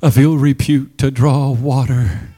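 A man preaching a sermon at a church service, fervent and swelling into shouted, chanted cadences. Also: medium pitch, steady tone, unhurried.

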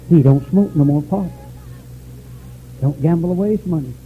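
An older man preaching a revival sermon, swinging from fervent shouts down to low, quiet pleading. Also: moderate pace. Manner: fervent, rising to shouts then dropping low. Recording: tinny phone-like old recording with faint noise.

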